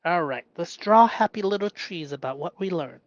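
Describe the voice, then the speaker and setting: A man in a reflective solo live stream who thinks aloud with pauses and restarts, then breaks into bursts of excited cheering. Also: sits high, no echo, highs cut off. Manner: slow and musing, with sudden bursts of excited cheering.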